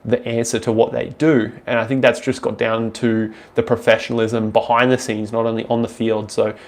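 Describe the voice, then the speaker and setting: A man's voice: medium pitch, little pitch movement, brisk. A young Australian man with an Australian accent, casually answering viewer questions on a live stream in a loose, rambling way, full of ums and restarts.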